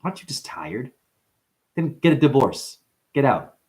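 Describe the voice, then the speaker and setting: Guy doing a spiritual livestream, pitch jumps all over, calls everyone honey. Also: measured pace. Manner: animated, calls listeners honey, chants mantras. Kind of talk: livestream talk to chat.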